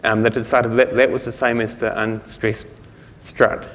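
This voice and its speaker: A conference speaker from New Zealand, judging by his accent, discusses speech recognition in a lowish, slightly bright voice, flat and moderately paced. He stays loose, self-correcting and sometimes chuckling. The recording has long hall reverb.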